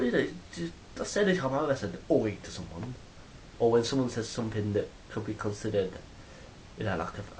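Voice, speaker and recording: A man's voice: lowish voice, slight background noise, rough recording. A man telling stories in a rambling, casual monologue to a phone camera, swearing freely. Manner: rambling, swears freely, acts out quoted exchanges loudly. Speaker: vlogger.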